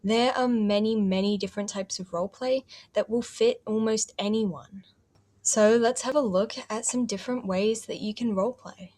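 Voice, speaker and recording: A woman's voice: a little high, steady tone, normal speed, a little mellow. A woman hosting a tutorial and explaining the basics of roleplay in a friendly, explanatory way. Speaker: host.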